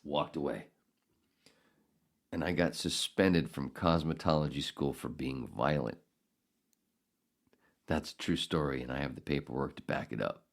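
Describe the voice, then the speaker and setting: A middle-aged man hosting a podcast, telling a story in a casual, profane, animated way with bursts of outrage. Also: very deep voice, measured pace, vocal fry, long pauses. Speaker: podcast host.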